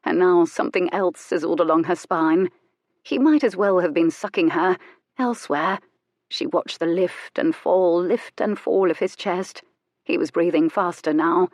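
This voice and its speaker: A woman narrating an audiobook in an intimate, measured storytelling manner. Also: fairly low pitch, darkish tone, dry recording, studio quality. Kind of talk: scripted narration.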